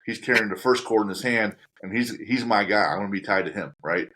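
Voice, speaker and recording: Male podcast host, deep and low, casual storyteller who acts out his reactions. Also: a little fast, sharp tone, slight background noise.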